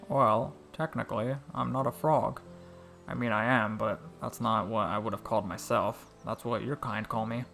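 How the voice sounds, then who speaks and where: A man voicing a gentle, kind-hearted talking male frog in a storybook reading, soft and cheerful with a warm, teasing manner. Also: on the low side, fairly even intonation, moderate pace, creaky, soft background music.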